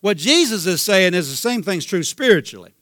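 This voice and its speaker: A man with a Southern US accent preaches with fervor, circling back over his points and calling out hallelujah. His voice sits high and bright. The sound is close and dry, with no room echo. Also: sing-song, fairly quick. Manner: fervent, repeats himself, calls out hallelujah. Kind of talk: sermon.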